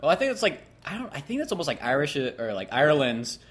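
A laid-back man co-hosting a podcast, his voice pitched a little high. He chats casually and pads his sentences with filler words. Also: big pitch swings, fast, a bit bright. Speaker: podcast co-host. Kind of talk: casual chat.

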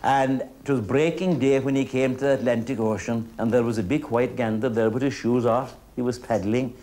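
A man's voice: mid-range voice, fairly even intonation, moderate pace, warm tone, slight background noise. A man with an Irish accent telling a traditional folk tale in a lilting, humorous, rhythmic way. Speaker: storyteller. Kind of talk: traditional oral storytelling.

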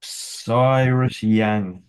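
A man's voice: medium pitch, drawn-out words, darkish tone, smooth. A young man co-hosting a casual podcast, laid back, mostly short reactions and reading out names. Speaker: podcast co-host. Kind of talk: casual chat.

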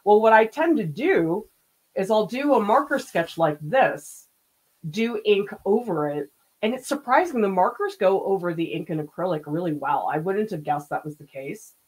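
A woman's voice: mid-range voice, animated, moderate pace, husky, low-quality recording. A woman art teacher chats away during a live painting stream. Her talk is casual and easygoing, with frequent laughs and comments to her viewers. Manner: chatty, laughs often, reads out viewer comments. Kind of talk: casual livestream chat while painting.

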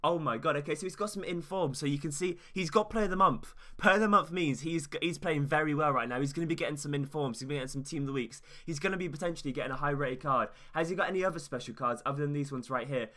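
Bright, hyped young gaming guy. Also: a little high. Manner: fast, chatty, hyped, talks straight to viewers. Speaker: gaming YouTuber. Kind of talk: casual gaming commentary.

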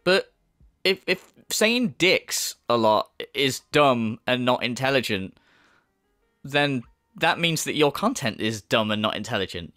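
Sarcastic man ranting, very animated. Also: a little high, moderate pace, dry recording, studio quality, soft background music. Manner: sarcastic, profane, mocking. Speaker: YouTube commentator. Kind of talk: ranting commentary.

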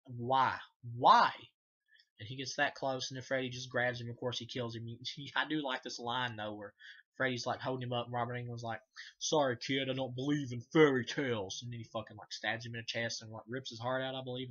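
A man's voice: medium pitch, level tone, fast talker, bright, forceful tone, lo-fi sound. Rambling, profane man recapping a movie. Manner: rambling, profane, frequent fillers and self-corrections. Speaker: movie reviewer. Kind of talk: casual unscripted movie recap.

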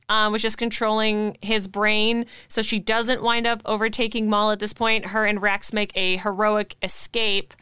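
A woman's voice: mid-range voice, bright, forceful tone, clear, resonant tone, no room sound. A woman hosting a casual podcast chat, upbeat and chatty, with frequent fillers as she explains. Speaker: podcast host teaching the lesson.

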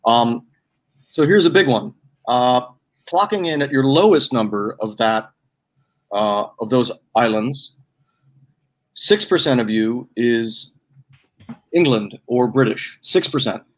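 A man's voice: mid-range voice, expressive, takes it slowly, long pauses. A man in casual chat, playful and teasing, stretching out each reveal. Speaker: guest presenter.

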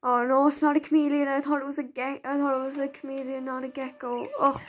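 A young woman chatting casually while she plays an online game, excitable, gasping and exclaiming as she reacts. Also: sits high, fast talker, low-quality recording. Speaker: game player narrating gameplay. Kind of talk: casual gameplay commentary. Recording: game music playing behind. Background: game music.

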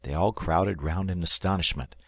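A man giving measured, scripted narration of an audiobook. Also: low-pitched, husky, dry recording, studio quality. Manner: measured storytelling reading.

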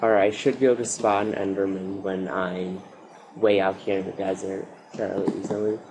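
A man commentating his own survival game play, excitable, talking to the mobs and breaking into loud outbursts. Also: deep voice, normal speed, background noise. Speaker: gaming commentator. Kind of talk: Minecraft let's play commentary.

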